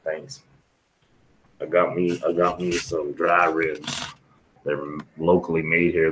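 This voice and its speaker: A man's voice: low-pitched, level tone, unhurried, pauses often, a little hiss or hum, rough recording. A middle-aged man chatting frankly and rambling to viewers on a live stream from a restaurant. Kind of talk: casual live stream chat.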